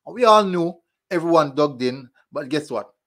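A man's voice: a little high, lively intonation, moderate pace, a bit bright. A man hosting his own football fan channel, chatting casually, laughing at himself and repeating phrases as he tests his desk mic. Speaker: sports channel host. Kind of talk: casual football video commentary. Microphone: desk mic being tested.

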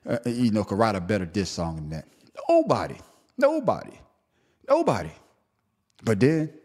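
A male podcast host riffing on his own in animated commentary. His voice swings widely, dropping to a low grumble and then climbing high, and he trips over repeated words.

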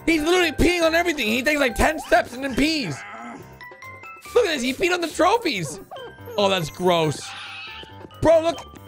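A young man hosting a gaming channel, giving excitable reaction commentary with lots of exclamations and "bro". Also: very high voice, moderate pace, long pauses, soft background music. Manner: animated, exclaiming, calls viewers bro.

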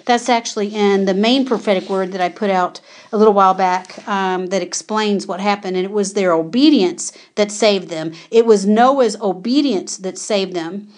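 A woman's voice: mid-range voice, a little mellow. A woman preaching an urgent prophetic warning, giving repeated commands and asking her listeners pointed rhetorical questions.

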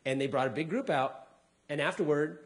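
A middle-aged man speaks to a society as a comedian, his voice sitting a little higher than most men's. He tells stories in a lively way, acting out the people he quotes and repeating words whenever he restarts a thought. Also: fairly quick. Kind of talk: storytelling talk with acted quotes.

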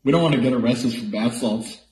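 A man's voice: mid-range voice, fairly quick. A man hosting a live goalie mask auction stream, joking and pushing buyers in sales patter. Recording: echoey room, faint noise.

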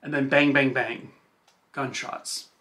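A male podcast host narrates a true crime case in a relaxed, filler-heavy way. His voice is bright and forward, and sits in an ordinary pitch range for a man. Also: takes it slowly. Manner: loose, filler-heavy retelling with "like" and "I guess".

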